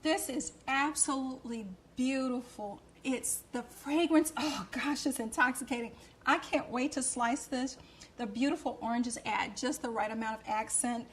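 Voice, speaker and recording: Woman host of a cooking show, bubbly and effusive, slightly high voice. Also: moderate pace, a little hiss or hum. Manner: gushing and effusive. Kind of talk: cooking demonstration.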